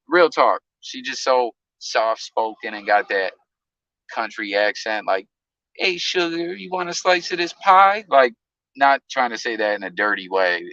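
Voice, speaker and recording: A man hosting a casual live stream from his car on the highway, talking in a laid-back, rambling, slangy way. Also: a bit bright, no echo, lo-fi sound. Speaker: livestream host. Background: wind.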